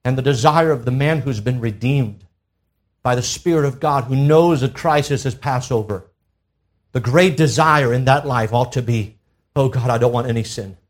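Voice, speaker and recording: A man's voice: medium pitch, normal speed. A man preaching a sermon to a church congregation, emphatic, pressing his listeners with rhetorical questions. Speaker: pastor. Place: church service.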